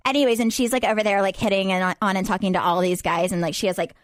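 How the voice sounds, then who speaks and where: A woman's voice: medium pitch, steady tone, very fast, dry recording, studio quality. A woman co-hosting a podcast, chatting and laughing through a gossipy story. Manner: chatty, laughing, lots of fillers. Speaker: podcast co-host. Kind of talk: casual chat.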